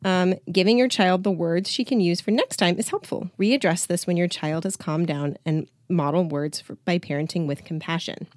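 Casting: woman podcaster and coach with a lowish voice, reads aloud then chats loosely, dry close sound. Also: moderate pace, hardly any pauses, darkish tone, dry recording. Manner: conversational, frequent filler words. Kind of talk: reading from a book aloud with casual commentary.

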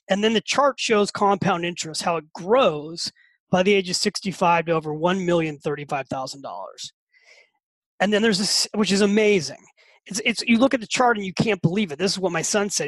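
A man in his fifties, a podcast guest and author telling a story in a lively, animated way and often repeating words as he gets excited. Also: high-pitched, fairly quick, no echo, poor audio. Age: 50s. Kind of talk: casual storytelling.

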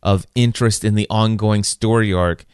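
A man with a lowish, smooth voice rambles through a relaxed conversation, often restarting his sentences. The sound is close and dry, with no room around it. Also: normal speed, dry recording. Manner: rambling, many restarts and repeated words. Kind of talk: casual chat.

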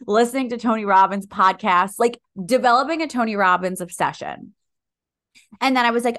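A woman guest on a podcast, telling her story in a casual, animated way, swearing freely and acting out her own inner voice. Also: medium pitch, moderate pace.

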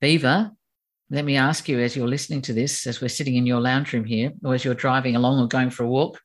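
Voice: mid-range voice, fairly even intonation, fast talker. A course teacher explaining ideas in an emphatic conversational way, acting out quoted voices. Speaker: course teacher on personality animals.

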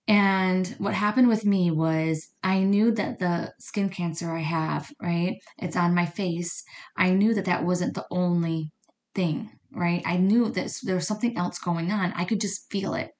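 A woman's voice: fairly low pitch, fairly even intonation, unhurried, darkish tone. A woman who works as a medium and card reader, talking in a chatty podcast monologue and often checking in with her listeners. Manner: chatty, conversational, frequent "you know what I mean" and "right?".

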